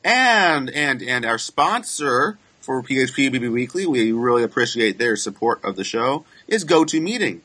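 A man hosting a casual live podcast, chatting easily, laughing often and reading show notices and sponsor copy briskly. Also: mid-range voice, sing-song, pushed and bright, breathy edge. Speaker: podcast host. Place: San Francisco studio.

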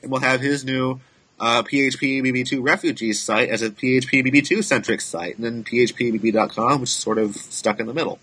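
A man's voice: medium pitch, fairly even intonation, a little fast, bright, forceful tone, breathy edge. Chatty man co-hosting a tech podcast. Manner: chatty, laughs easily, loose restarts. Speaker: podcast co-host. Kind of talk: casual tech podcast chat.

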